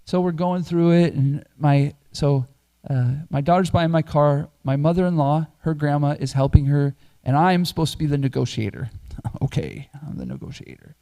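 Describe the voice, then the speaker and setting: A middle-aged man serves as a temple priest, telling a personal story in his sermon. His voice sits a little high, soft and warm in tone. He talks chattily and pokes fun at himself as he goes. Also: normal speed, few pauses, smooth. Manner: chatty, self-deprecating storyteller who chuckles at himself. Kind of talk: sermon told through a personal anecdote. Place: temple hall.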